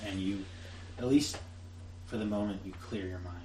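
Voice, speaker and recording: Low-voiced man running a tabletop game. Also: moderate pace, crowd noise. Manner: explaining rules and narrating, with frequent restarts. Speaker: game master. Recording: roomy, distant table recording with noise.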